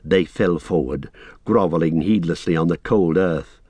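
A male narrator reads a fantasy novel aloud in a measured, steady manner. His voice sits low. The recording is dry and close, with no room sound. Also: breathy edge, no echo. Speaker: audiobook narrator. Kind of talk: scripted fantasy audiobook narration.

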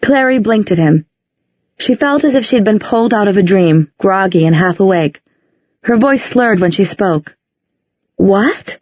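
A woman narrating an audiobook in a measured, descriptive storytelling manner, recorded in a dry, slightly muffled sound. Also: medium pitch, expressive, a little mellow, no echo. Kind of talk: scripted narration.

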